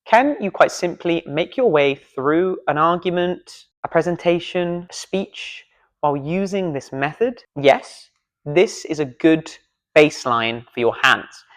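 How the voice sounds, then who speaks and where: A man's voice: on the high side, expressive, a little slow, a bit bright. Self-mocking male speaking coach. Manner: self-deprecating, playful, demonstrative. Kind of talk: casual video lesson. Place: studio.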